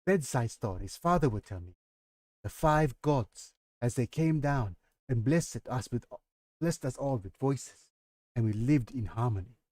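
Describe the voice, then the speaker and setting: Breaking off often to comment and laugh at himself, a Nigerian-accented author reads his own fantasy novel on a livestream. He speaks at a measured pace in a warm, expressive, mid-range voice, with no echo.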